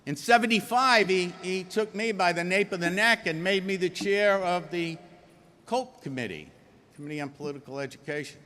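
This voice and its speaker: A man's voice: high-pitched, moderate pace, bright, forceful tone, big-room sound, a little hiss or hum. A man with a Rhode Island accent giving a folksy, emphatic convention speech as a union leader, joking with the audience.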